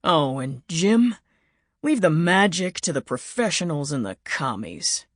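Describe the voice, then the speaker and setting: A woman narrator voicing a surly, gruff middle-aged male spy chief who talks in curt grumbles. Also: low-pitched, very animated, unhurried, no room sound, studio quality, exaggerated voice.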